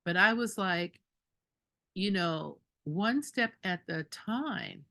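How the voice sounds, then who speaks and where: A woman's voice: mid-range voice, slow, gravelly. Indignant woman doula telling a story. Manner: animated, indignant storytelling with laughs. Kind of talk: storytelling at a group meeting.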